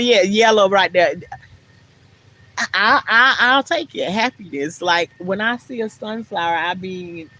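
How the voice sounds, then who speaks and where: A woman's voice: mid-range voice, fairly bright tone, a little hiss or hum. A woman hosting a casual livestream outdoors in her yard garden, chatty, laughing often and repeating herself, then turning encouraging toward her viewers. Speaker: livestream host.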